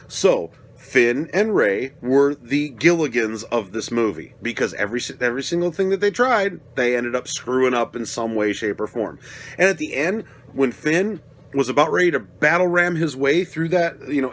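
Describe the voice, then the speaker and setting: A young adult man giving a casual, rambling spoken film review, swearing often and getting worked up as he talks. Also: mid-range voice. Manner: rambling, profane, gets worked up and loud. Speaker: movie reviewer.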